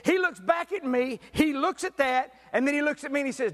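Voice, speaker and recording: A middle-aged pastor preaches, telling folksy stories and swinging from loud bursts to hushed asides. His voice sits high for a man. It rings out with a long reverb, as in a large church hall. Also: a little fast, slight background noise. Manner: folksy, animated storyteller who swings from loud to quiet. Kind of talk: sermon with storytelling.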